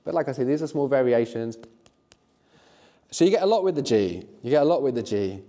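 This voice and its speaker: A middle-aged man teaching a live workshop, encouraging the learners and often checking in with a quick "no?". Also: mid-range voice, lively intonation, dark tone, big-room sound. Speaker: language teacher.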